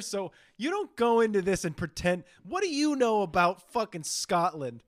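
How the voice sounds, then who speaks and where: A man co-hosting a podcast in casual chat, teasing his friend with quick reactions. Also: sits high, sing-song, no room sound, clean studio sound. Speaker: podcast co-host.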